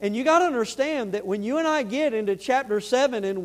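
A pastor delivers his sermon in a notably high voice for a man, telling his story earnestly. His preaching then climbs into fervent, shouted passages. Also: a little fast, hardly any pauses.

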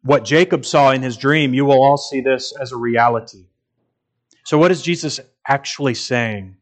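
A man's voice: mid-range voice, moderate pace. A man preaching a sermon in an earnest, emphatic way, repeating phrases for stress.

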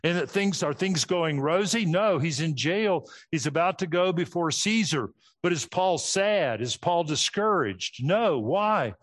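Middle-aged guy preaching, kinda higher voice, walks through his points step by step. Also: expressive, measured pace. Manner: structured, teaching, drops pitch at phrase ends. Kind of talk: expository sermon.

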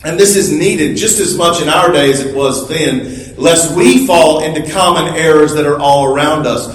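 Guy preaching a sermon, fairly high voice, earnest, repeats himself, roomy echo. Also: moderate pace. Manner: earnest, explanatory preaching with repeated phrases and small restarts. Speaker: pastor.

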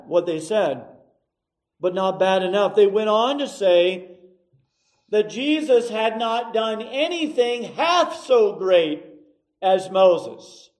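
Middle-aged man, sermon, emphatic pauses, slow delivery, higher voice. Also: darkish tone, rough recording. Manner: emphatic, measured preaching with dramatic pauses. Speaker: pastor.

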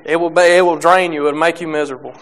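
Young male preacher, unpolished and hesitant delivery, clear resonant tone. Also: a little high, steady tone, fairly bright tone. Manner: halting, many restarts and fillers. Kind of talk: sermon.

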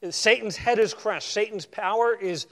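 A man preaching a sermon, working through a Bible passage verse by verse and moving between emphatic declarations and quiet asides. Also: sits high, moderate pace.

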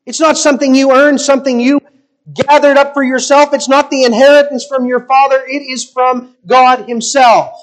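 A man preaching a sermon in an emphatic, rhetorical style with deliberate pauses. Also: very high voice, steady tone.

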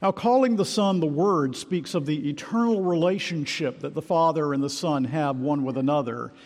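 A man preaching an expository sermon, emphatic and measured, slowing down to stress key words. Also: fairly high pitch, darkish tone. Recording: long hall reverb.

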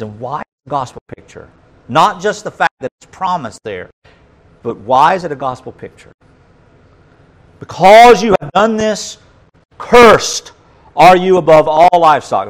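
A male pastor preaching a sermon, reading scripture aloud with dramatic emphasis and dropping to quiet asides. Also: on the high side, rough recording.

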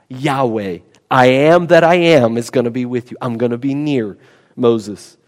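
Emphatic preacher in a reverberant hall. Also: male voice, mid-range voice, measured pace. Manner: emphatic, teaching, repeats key words. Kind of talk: expository sermon.

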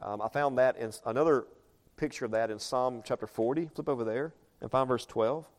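A pastor with a mid-range voice preaches at a fairly quick pace, chatting conversationally with the congregation and asking them questions. He also reads scripture aloud in older English.

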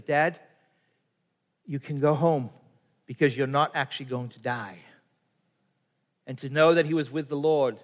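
High-voiced man preaching a sermon. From Canada. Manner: preaching with rhetorical questions and quoted scripture. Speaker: pastor.

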